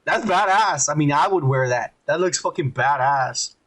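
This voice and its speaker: A man's voice: a little high, animated, moderate pace, a bit bright. A man hosting a podcast, recapping a show in a rambling, profane, mocking way. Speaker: podcast host.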